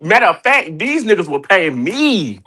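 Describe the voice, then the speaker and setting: A man's voice: high-pitched, very animated, normal speed, sharp tone. A man, chatting casually as a guest with sassy, dramatic reactions. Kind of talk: casual chat.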